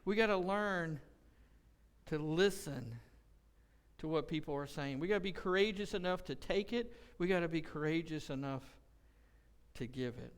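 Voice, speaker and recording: Pastor, male, high smooth voice, impassioned sermon delivery, reverberant church hall. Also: lively intonation, moderate pace. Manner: impassioned preaching, rising loud when quoting. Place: church sanctuary.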